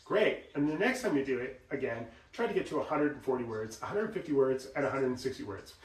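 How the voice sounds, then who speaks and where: A man teaching voice exercises, explaining and acting out examples in an animated way. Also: medium pitch, fast, slight background noise. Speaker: voice coach. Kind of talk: instructional talk with demonstrations. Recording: roomy sound, mic at a distance.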